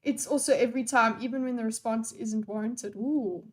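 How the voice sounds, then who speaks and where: A woman's voice: on the high side, moderate pace. A young woman live-streaming and chatting with her audience in a scattered, playful way and swearing freely. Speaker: live streamer reading chat. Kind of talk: unscripted live-stream chat.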